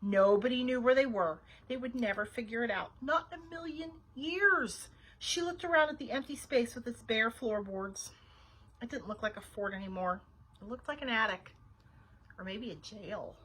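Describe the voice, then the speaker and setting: A librarian reading a children's chapter book aloud with expressive, animated delivery and asides. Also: female voice, fairly high pitch, normal speed, husky, rough recording. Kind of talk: children's storytime read-aloud.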